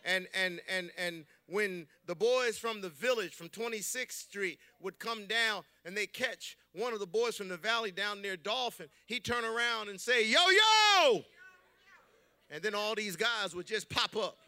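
A man preaching a sermon as pastor, telling stories and building up to shouted preaching. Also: sits high, normal speed, few pauses, dry recording.

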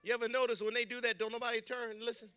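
A man preaches from the pulpit, moving from easy storytelling into shouting. His voice sits high for a man and has a hard, driving edge. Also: level tone, very fast, clear, resonant tone, no room sound. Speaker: pastor. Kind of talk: preaching sermon.

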